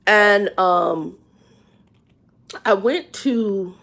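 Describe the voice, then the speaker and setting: A woman in her fifties telling a story on a live stream in a folksy, plain-spoken way, swinging from loud outbursts to hushed asides. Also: medium pitch, drawn-out words, creaky. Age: 50s.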